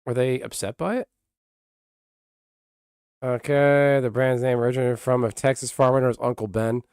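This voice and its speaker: Man streamer, casual rant, blunt and profane, stop-start phrasing, mid-pitched voice, dry close mic. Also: steady tone, normal speed, a little mellow, clear, resonant tone, dry recording. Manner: blunt, profane, rambling with many restarts.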